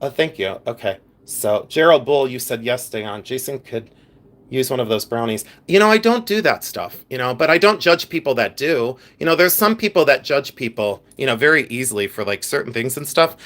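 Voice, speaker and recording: A man's voice: medium pitch, lively intonation, fairly quick, fairly bright tone. A man with a Pennsylvania Dutch accent hosting a casual livestream, chatting and reading viewer comments aloud with rambling asides. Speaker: livestream host.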